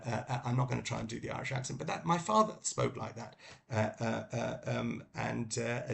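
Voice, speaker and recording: A middle-aged British man from London chats casually about books. His voice is deeply gravelly, and he often stops on ums and restarts. A faint hiss sits behind him. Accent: British English. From London, England. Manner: halting, many ums and uhs and restarts. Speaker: book vlogger. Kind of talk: casual book review talk.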